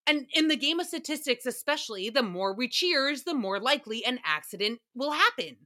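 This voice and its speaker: A woman's voice: high voice, big pitch swings, fairly quick, pushed and bright. A woman hosting a casual solo recap podcast, chatty and sarcastic, often laughing and swearing. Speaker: podcast host.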